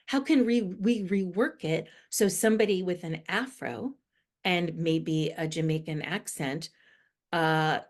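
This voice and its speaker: A middle-aged woman from the United States, a guest expert explaining earnestly in a podcast interview. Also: on the low side. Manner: earnest, animated explaining with rising emphasis. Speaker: guest expert on inclusive language.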